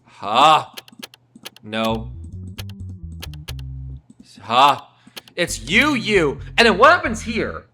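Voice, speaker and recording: A man streaming a video game, giving excitable, jokey commentary and swearing often. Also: a little high, very slow, pauses often, soft background music. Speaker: gaming streamer. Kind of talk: let's-play commentary.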